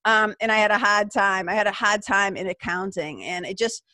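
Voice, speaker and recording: A woman's voice: mid-range voice, fairly quick, sharp tone, dry recording, clean studio sound. A woman, hosting a podcast and telling stories from her own life in a candid, casual way, swearing freely and using lots of fillers. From Massachusetts. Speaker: podcast host. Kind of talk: casual storytelling monologue.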